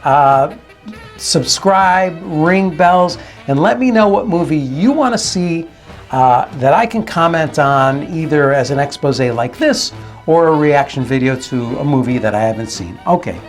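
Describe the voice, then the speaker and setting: A man's voice: fairly high pitch, measured pace, soft background music. A man who works as a dialect coach hosts his channel, giving emphatic commentary and repeating his key phrases. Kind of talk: analytical commentary to camera.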